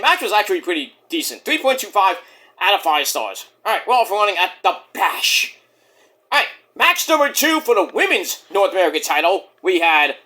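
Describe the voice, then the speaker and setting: Lively, bright-voiced man ranting. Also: high voice. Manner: profane, ranting, acts out quotes. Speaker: wrestling show reviewer. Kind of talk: casual review vlog.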